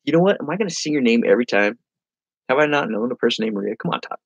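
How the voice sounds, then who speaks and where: A man's voice: lively intonation, racing, creaky, slightly rough, no echo, muffled recording. Rambling jokey man on a live stream. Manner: rambling, jokey, reads viewer comments aloud; silly, playful with sudden high-pitched bursts. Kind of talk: casual live-stream chat.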